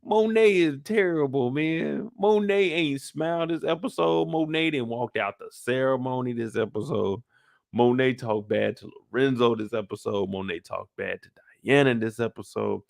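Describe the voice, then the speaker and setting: A man hosting a casual episode recap, animated and profane, firing off rhetorical questions. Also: mid-range voice, moderate pace, vocal fry, dry recording, studio quality. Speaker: show recap host.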